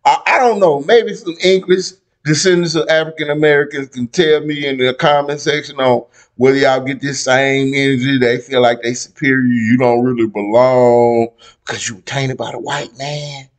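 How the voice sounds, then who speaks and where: A man hosting a reaction video, giving casual, profane commentary on a debate clip and swinging between loud outbursts and low asides. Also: steady tone, normal speed.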